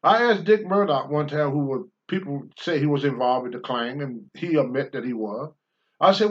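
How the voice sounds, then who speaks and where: An older man on a talk show, blunt and preachy, swinging from low mutters to loud outbursts. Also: expressive, moderate pace, muffled recording. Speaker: podcast host, former wrestler. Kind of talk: candid talk-show commentary.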